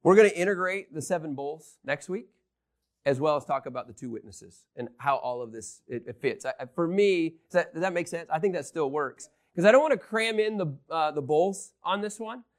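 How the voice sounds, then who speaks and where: Animated high-voiced man teaching Bible. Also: a little fast. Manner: excitable, swings from loud to hushed, ends in prayer.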